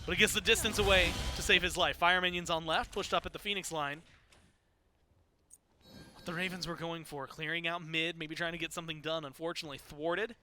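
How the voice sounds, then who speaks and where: A man giving excitable play-by-play commentary on an esports match, his voice climbing on the big plays. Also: on the high side, a little fast. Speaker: esports caster.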